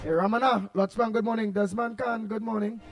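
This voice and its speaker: A man's voice: high voice, fairly even intonation, brisk, music in the background, poor audio. A man with a Trinidadian accent hosting a morning call-in show, passionately greeting listeners by name and reading out comments in a raised voice he tries to hold down. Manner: passionate, loud, says he will drop his voice. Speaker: radio show host.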